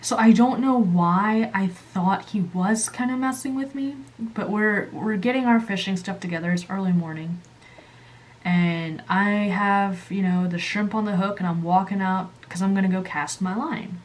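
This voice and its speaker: A woman hosting her channel, telling a story casually while coloring, animated and chatty, jumping up in pitch when she acts out quotes. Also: moderate pace. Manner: chatty, many fillers and asides. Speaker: channel host.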